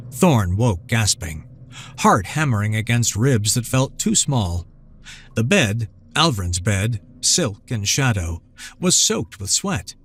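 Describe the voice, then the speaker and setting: A man narrating a scripted fantasy story in a measured, dramatic manner. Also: lowish voice, big pitch swings, slight background noise. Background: soft background music.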